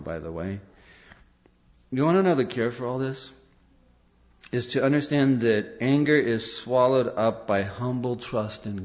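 A man preaching a sermon, telling stories and acting out quotes in an animated way. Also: mid-range voice. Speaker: pastor. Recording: dull lo-fi sermon recording.

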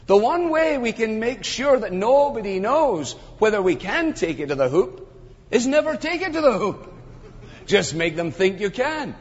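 Emphatic older preacher in a reverberant hall. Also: male voice, high voice, normal speed, slight background noise. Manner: emphatic, builds to animated climaxes, wry humor. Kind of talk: expository sermon. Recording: muffled sound with long hall reverb.

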